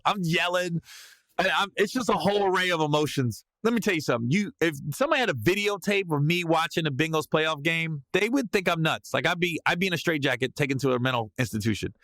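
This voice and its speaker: A man hosting a podcast, telling a comedic story in a lively way and breaking into loud yelled reenactments. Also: a little high, fast, dry recording. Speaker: podcast host.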